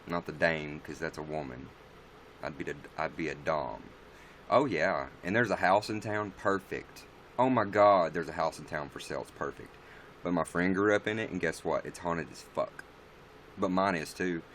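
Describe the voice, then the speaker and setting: A man with a deep, low-pitched voice chats on a casual livestream and answers viewer comments as they come in. He rambles bluntly and swears freely. A faint hum of noise sits behind him. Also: normal speed, a bit bright.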